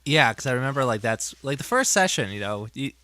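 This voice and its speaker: A man's voice: medium pitch, expressive, a little fast, sharp tone, dry recording. A man who plays in a tabletop group, answering in short, hesitant replies in a casual chat. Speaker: player in the gaming troupe.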